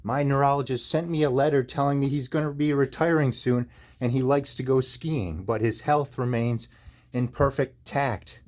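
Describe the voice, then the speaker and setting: A man's voice: mid-range voice, steady tone, normal speed, a little mellow. A man in chronic pain delivering an angry, profane, repetitive rant in his own video. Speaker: video maker. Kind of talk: angry ranting monologue.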